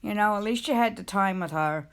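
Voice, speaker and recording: A woman's voice: medium pitch, brisk, clean tone. A middle-aged woman live streamer chatting casually, telling a rambling, emotional personal story in a confiding way.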